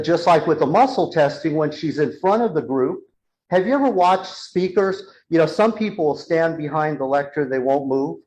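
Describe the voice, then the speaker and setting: A man giving a live talk to an audience, telling an animated story and acting out the dialogue. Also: fairly high pitch, poor audio. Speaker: speaker. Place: church hall with a live audience.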